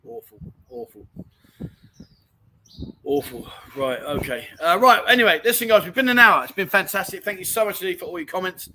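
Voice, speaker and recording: A man's voice: high voice, expressive, fast talker, few pauses, bright, forceful tone, a little hiss or hum, low-quality recording. A man hosting a casual livestream chat from home, reading viewer comments and calling everyone mate. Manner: chatty and matey, keeps calling people mate. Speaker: livestream chat show host. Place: home in Pattaya.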